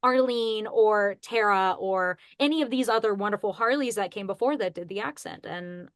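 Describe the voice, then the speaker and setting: A woman's voice: medium pitch, normal speed, fairly bright tone, no room sound, studio quality. A young woman, a voice actress, chatting as a guest on a podcast in a bubbly way and laughing at herself. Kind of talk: casual podcast interview.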